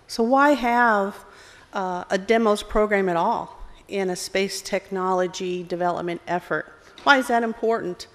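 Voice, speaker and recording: A woman's voice: mid-range voice, fairly even intonation, moderate pace, hardly any pauses. Southern lady giving a talk, friendly, lots of um, big echoey hall. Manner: self-deprecating, friendly, with fillers. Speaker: program executive presenting. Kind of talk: conference presentation. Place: conference hall. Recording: long hall reverb.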